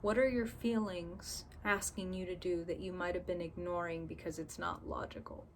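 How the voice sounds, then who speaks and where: A woman's voice: fairly low pitch, steady tone, normal speed, slight background noise. A woman giving a casual tarot reading to camera, chatty and candid, swearing freely and acting out people's inner thoughts. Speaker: tarot reader.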